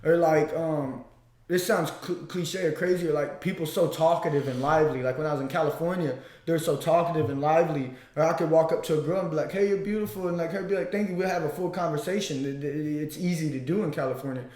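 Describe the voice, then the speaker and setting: A man's voice: on the high side, fast talker, reverberant. A young man from Missouri, a podcast guest and amateur kickboxer, telling stories in casual chat with lots of swearing and restarts. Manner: profane, rambling, animated storytelling.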